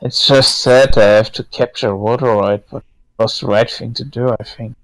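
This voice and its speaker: A man speaking as a player in a tabletop game, with an ordinary mid-pitched voice. He laughs often and talks in a hesitant, halting way, recorded dry and close. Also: steady tone, a bit bright, no echo, low-quality recording. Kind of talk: casual tabletop play.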